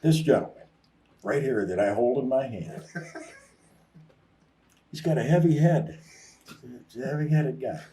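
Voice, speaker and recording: A man's voice: medium pitch, measured pace, long pauses, dark tone, distant mic. A man co-hosting a sports talk show, rambling in a loose, self-interrupting way. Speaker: co-host. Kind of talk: casual sports talk chat.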